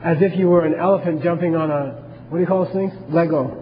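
A man's voice: fairly high pitch, fairly even intonation, fast, long reverb tail, highs cut off, slight background noise. A man teaching a class on Buddhism, talking casually and asking his listeners questions as he goes.

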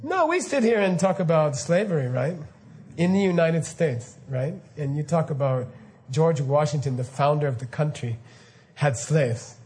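A man giving an informal spiritual lecture to students, animated and often laughing, with mock-incredulous asides. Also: on the high side, moderate pace, a little hiss or hum. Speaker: spiritual teacher.

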